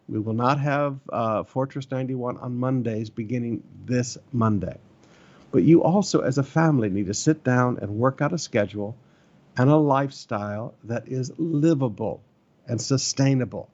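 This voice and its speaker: A middle-aged man preaches to his church with earnest urgency, circling back to his key phrases. His voice carries a gravelly rasp at mid pitch. The recording sounds a little muffled and lo-fi. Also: darkish tone. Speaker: pastor. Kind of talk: sermon.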